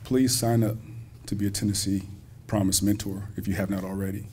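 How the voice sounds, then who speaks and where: A college president delivers a folksy, joking speech at a community banquet in a school hall, speaking directly to those gathered. His voice is on the low side and a little mellow, flat in delivery and fairly quick, with a touch of hiss or hum.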